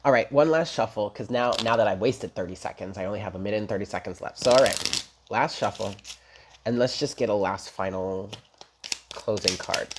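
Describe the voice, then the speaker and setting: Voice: sits low, brisk, background noise. A tarot reader giving a casual daily reading, talking straight to viewers in a chatty, emphatic and blunt way with casual swearing.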